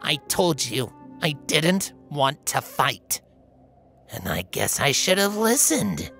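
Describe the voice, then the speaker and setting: A bitter, battered female griffin, put on by a male reader, drawls her jabs slowly and with a slur, her low voice swinging widely as it mocks. The tone is bright and cutting, with faint music underneath. This is storybook voice acting. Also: huge pitch swings, full character voice. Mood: jeering. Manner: sarcastic, jeering, slurred. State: weak, slurring. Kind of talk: fanfiction audiobook voice acting.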